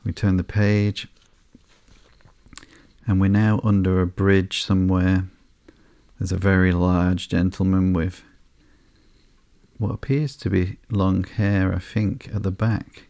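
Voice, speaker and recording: A man hosting a podcast, reading through a comic book in a slow, sleepy, monotone way with soft fillers. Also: deep voice, gravelly, no room sound. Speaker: podcast host.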